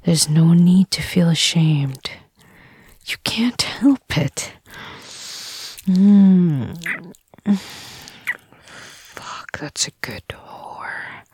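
A young woman acting as a possessive, domineering captor in a whispered role-play, with slow teasing talk, soft laughs and hums. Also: on the low side, animated, breathy edge, dry recording, clean studio sound, full character voice.

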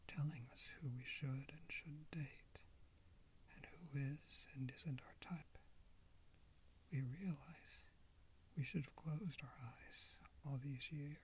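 A man telling an intimate second-person story in whispered role-play, speaking softly to the listener as a lover. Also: medium pitch, slight background noise.

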